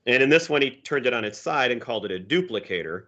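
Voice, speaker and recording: A man's voice: medium pitch, expressive, fast, fairly bright tone, dull audio. A man co-hosting a podcast, a teacher, casually reading comic strips aloud and chuckling as he explains them. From Minnesota. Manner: easygoing, chuckling storyteller.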